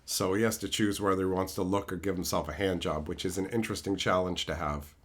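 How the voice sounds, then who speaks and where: A man's voice: low-pitched, steady tone, quick pace. A man from Canada chatting casually on a livestream, answering chat messages with sarcasm, swearing and bursts of exasperation. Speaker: streamer reading chat.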